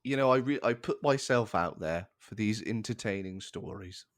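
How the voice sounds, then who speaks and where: A man's voice: fairly low pitch, lively intonation, moderate pace. A man co-hosting a podcast in casual chat, giggling often as he talks. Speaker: podcast co-host.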